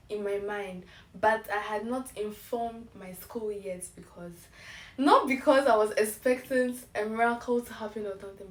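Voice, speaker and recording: A woman's voice: medium pitch, reverberant, recorded from a distance. A young woman in her twenties from Ghana, telling a casual story-time vlog and laughing as she acts out the emails she got. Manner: animated, laughing, acts out emails in bright voices. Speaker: vlogger.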